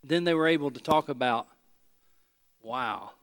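A man preaching a sermon, swinging between loud emphatic lines and hushed low ones, repeating phrases as he talks straight to the congregation. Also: unhurried. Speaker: pastor.

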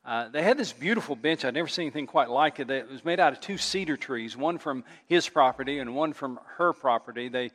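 A man preaching as a pastor, telling a funny story with animated delivery before his sermon. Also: mid-range voice, brisk, hardly any pauses. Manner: animated storyteller who laughs at his own tale. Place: church sanctuary. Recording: long church reverb.

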